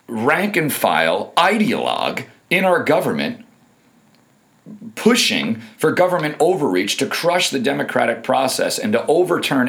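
A man's voice: mid-range voice, fairly bright tone. A man delivering an emphatic, scornful opinion monologue as a political commentator, reading out quotes and cutting in with remarks.

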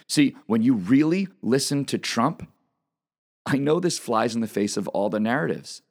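An emphatic man speaks at normal speed in a political commentary monologue, his pitch lively and swinging. He repeats himself for emphasis and addresses his listeners directly.

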